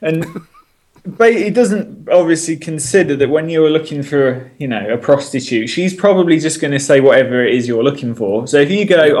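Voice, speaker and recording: A man's voice: a little high, brisk. Man, podcast co-host, casual chat, rambling, jokey, sweary.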